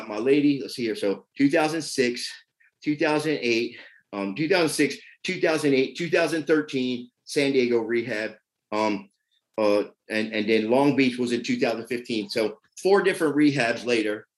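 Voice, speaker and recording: A man's voice: medium pitch, low-quality recording. A man, a podcast guest telling his addiction recovery story in a rambling, emotional way. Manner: emotional, rambling, many "you know what I mean".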